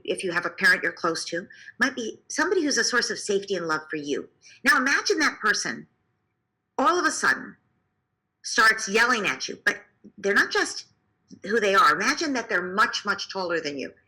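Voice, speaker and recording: A woman clinical psychologist explaining parenting to listeners in an animated way, asking them to imagine scenes. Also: mid-range voice, rough recording. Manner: animated, often acts out quoted speech.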